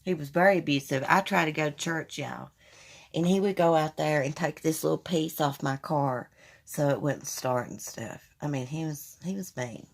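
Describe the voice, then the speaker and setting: A woman's voice: low-pitched, normal speed. A woman hosting a casual live chat, candidly telling personal stories to her viewers on a phone stream. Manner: candid, storytelling, addresses viewers as y'all. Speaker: livestream host.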